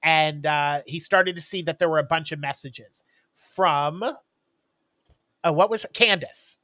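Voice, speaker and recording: A man with a bright, forward voice recaps a film for his podcast co-host. He rambles along with frequent ums. The sound is dry and close. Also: fairly high pitch, takes it slowly, dry recording. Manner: rambling storyteller with many ums. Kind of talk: casual chat, retelling a movie plot.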